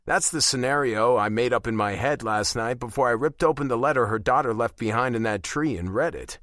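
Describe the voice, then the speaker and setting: A man's voice: medium pitch, brisk, few pauses, fairly bright tone, dry recording, clean studio sound. A man reading a first-person romance audiobook and voicing the dialogue expressively. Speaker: audiobook narrator.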